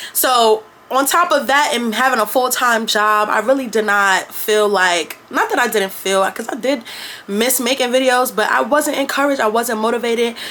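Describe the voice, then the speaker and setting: A woman's voice: fairly high pitch, a bit bright, slight background noise. A young woman vlogger from New York, talking candidly and with plenty of slang and swearing in a casual chat to her camera.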